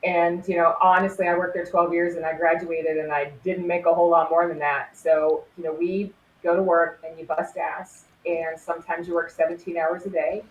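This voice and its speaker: A woman's voice: fairly low pitch, little pitch movement, normal speed, hardly any pauses, dull audio, slight background noise. A woman in her forties, a former crime scene investigator, telling stories earnestly in an interview and laughing easily. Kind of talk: conversational storytelling interview. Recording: roomy echo with faint ambience.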